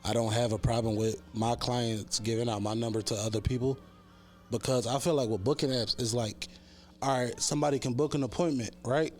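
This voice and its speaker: A man who works as a barber, talking casually and bluntly on a podcast, with lots of swearing. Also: mid-range voice. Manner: blunt, profane, animated storytelling.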